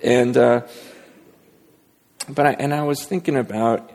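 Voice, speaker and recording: A man's voice: mid-range voice, steady tone, unhurried, gravelly, a little mellow, big-room sound. A man preaching a sermon to his congregation, talking candidly and rambling, with many restarts. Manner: candid, rambling, self-deprecating with frequent restarts. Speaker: pastor. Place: church sanctuary.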